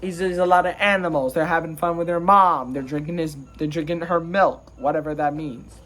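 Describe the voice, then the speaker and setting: A man's voice: on the high side, steady tone, brisk, fairly bright tone. A man giving a casual, rambling and jokey recap of a film as a reviewer. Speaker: movie reviewer.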